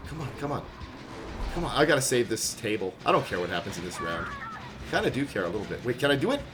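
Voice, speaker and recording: Animated man streaming a horror game. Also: medium pitch, fast talker, background noise. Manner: animated, joking, rambling asides. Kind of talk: live gameplay commentary chatting with viewers.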